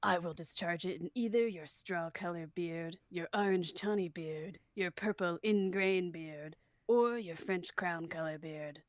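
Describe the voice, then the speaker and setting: Bumbling country bumpkin with a heavy Southern drawl, pitched low; a woman plays him. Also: measured pace, no echo, clean studio sound, lightly acted. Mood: eager. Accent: put-on Southern US drawl.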